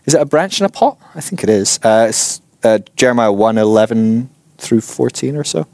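A man giving an informal church teaching, chatty and animated, acting out voices in his stories. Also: medium pitch, normal speed, dry recording. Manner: chatty, animated, acts out quotes.

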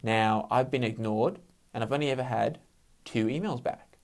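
A man's voice: medium pitch, normal speed, darkish tone. Swearing man venting. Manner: heavy swearing, frank; worked-up, venting frustration. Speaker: podcast host. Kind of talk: casual solo monologue.

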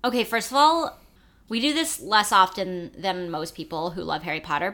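A woman co-hosts a podcast in casual chat, emphatic and sassy, talking fast and filling her speech with lots of likes. Her voice is lowish, with a bright, forceful tone.

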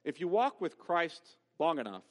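Male pastor, fairly high, animated delivery, emphatic sermon, long church-hall reverb. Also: moderate pace. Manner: emphatic, with rhetorical questions. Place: church sanctuary.

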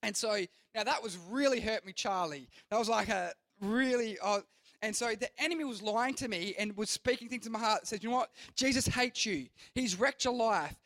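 A man's voice: sits high, brisk, fairly bright tone, no room sound. A young man preaching to a youth group as their pastor, earnest and rambling, often restarting his sentences. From Australia. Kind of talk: youth sermon.

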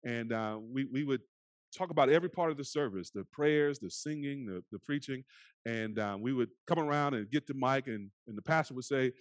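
Man, pastor preaching, earnest, hushed soft passages, dry close mic. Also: mid-range voice, fairly quick, dry recording. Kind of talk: sermon. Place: church sanctuary.

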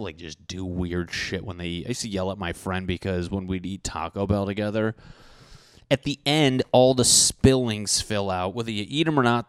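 A man hosting a podcast, ranting in a casual, profane and animated comic way into a handheld microphone. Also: lowish voice, no room sound. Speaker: podcast host. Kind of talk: casual comedic rant.

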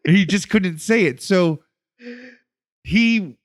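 Slow, rambling male podcast host. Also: sits high. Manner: rambling, with many fillers and restarts. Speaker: educator. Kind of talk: casual storytelling chat.

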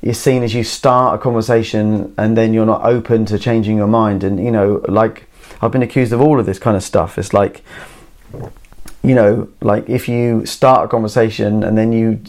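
Gravelly man rambling on. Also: lowish voice, fairly even intonation, moderate pace, a little mellow. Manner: meandering, full of "you know" and "like". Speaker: solo podcast host. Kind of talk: rambling casual monologue. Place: garden shed. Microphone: camera mic.

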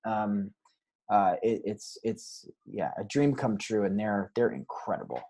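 A man as a guest on a casual podcast interview, rambling through animated stories. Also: lowish voice, unhurried, creaky, slightly rough. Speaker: guest filmmaker.

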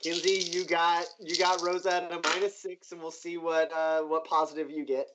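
A man's voice: on the high side, level tone, moderate pace, noisy background. A man narrating as game master of a tabletop game, in loose speech full of "like" and "uh". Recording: dull lo-fi recording.

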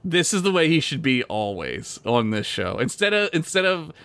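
A man's voice: a little high, very animated, moderate pace, a bit bright. A man co-hosting a podcast in casual, crude, joking chat who laughs often.

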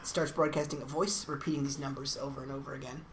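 A woman's voice: extremely low pitch, level tone, quick pace. A woman co-hosting a casual chat, retelling TV plot details in a dry, matter-of-fact way. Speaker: podcast co-host. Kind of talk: casual chat recapping a TV episode. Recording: echoey room, faint noise.

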